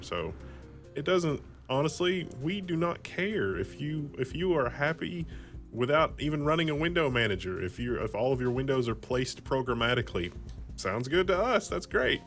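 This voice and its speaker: Animated, rambling man in a tech chat. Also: mid-range voice, moderate pace, soft background music. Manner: animated, rambling, jumpy intonation. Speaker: co-host. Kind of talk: casual tech discussion.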